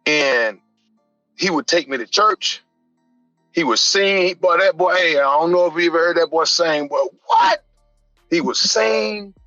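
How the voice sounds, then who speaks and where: Male podcast guest, coach; high, ringing voice, preacher-like passion, dry and slightly muffled mic. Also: dry recording. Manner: passionate and emphatic, often rising to near-shouting like a preacher. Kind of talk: candid podcast conversation.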